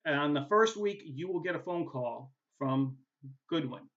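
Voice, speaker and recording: Male instructor with a New England accent, somewhat high and bright voice, chatty and informal, dull lo-fi recording. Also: animated, unhurried. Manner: casual and chatty, tags points with "right?", many "uh" fillers. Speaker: college instructor. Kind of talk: recorded course welcome video.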